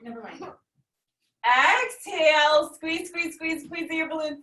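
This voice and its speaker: A woman teaching a children's yoga class, giving gentle, instructive breathing cues with playful animal noises. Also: high voice, slow. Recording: echoey room, far from mic.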